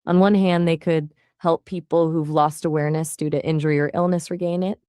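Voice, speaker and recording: A woman's voice: low voice, fairly even intonation, a little fast, mellow, clear, resonant tone, no echo. Chatty, dry-sounding woman assistant voice. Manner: chatty and polite, often asks follow-up questions. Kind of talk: casual chat.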